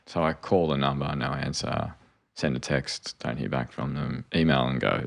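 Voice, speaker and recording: A man, co-hosting a podcast in casual chat and telling an animated story, acting out the quotes. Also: very deep voice, moderate pace, vocal fry. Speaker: podcast co-host.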